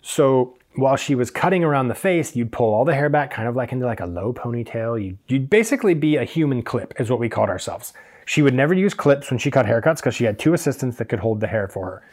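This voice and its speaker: A man's voice: mid-range voice, animated, fast talker, darkish tone. A man hosting a solo podcast, a hairdresser telling stories from the salon and drifting into tangents with many fillers.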